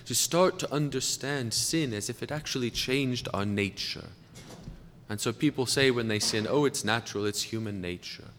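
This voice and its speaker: A man at an everyday mid-range pitch speaks in a preacher's measured cadence, addressing fellow clergy. He slows and drops his voice to weigh down key words. His voice rings out with the long, lingering reverb of a large hall. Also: fairly bright tone. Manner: deliberate, slowing down to stress key words. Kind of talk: sermon-style lecture.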